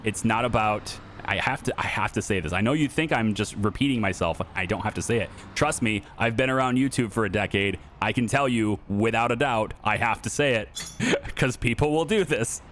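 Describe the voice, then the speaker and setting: A man's voice: fairly low pitch, fairly quick, a bit bright, slight background noise. A middle-aged man giving casual, chatty commentary over a car dealing game, repeating his points and laughing easily. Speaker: gaming YouTuber.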